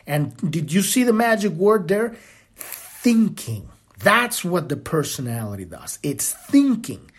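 A man with a slightly husky voice delivers a spiritual teaching on his podcast. His pitch rises and falls in lively swoops as he talks. He sounds impassioned but casual, and he swears bluntly. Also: measured pace. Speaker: podcast host.

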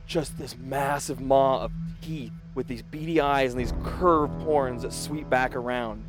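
A man's voice: medium pitch, measured pace. A man running a tabletop game as game master, narrating scenes in vivid detail. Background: background music.

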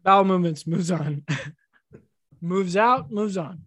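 A playful woman co-hosting a radio show, teasing and laughing as she runs a listener bracket game. Her voice sits on the low side and sounds dry and close to the mic. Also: measured pace, breathy edge, no echo. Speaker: radio co-host. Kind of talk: casual banter and game hosting.

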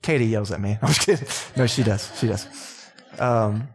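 A young adult man with a Texan accent, preaching a sermon as pastor in a relaxed, joking, conversational way. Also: on the low side, moderate pace, breathy edge. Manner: casual, joking, conversational preaching with laughs and asides. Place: church sanctuary.

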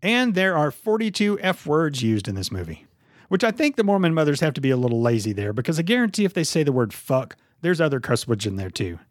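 A man's voice: fairly high pitch, very animated, quick pace, dry recording, clean studio sound. A man hosting a casual movie podcast, joking and swearing as he runs the segments. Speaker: podcast host.

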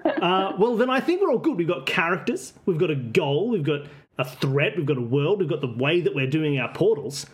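A man's voice: a little high, sing-song. Jokey man running a tabletop game. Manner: jokey, rambling, quick asides. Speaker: game master. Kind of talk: narrating a tabletop game, casual chat.

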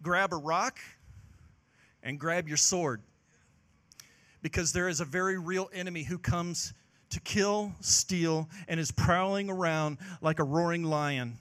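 A male pastor delivers a sermon in a high, bright, forceful voice. He preaches with passion, swinging between loud calls to action and quiet, earnest moments. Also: measured pace.

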